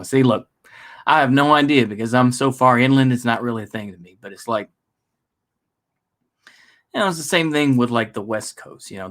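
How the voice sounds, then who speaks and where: A man's voice: medium pitch, fairly bright tone. Rambling self-deprecating American man. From United States. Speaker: political vlogger. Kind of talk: casual rambling monologue.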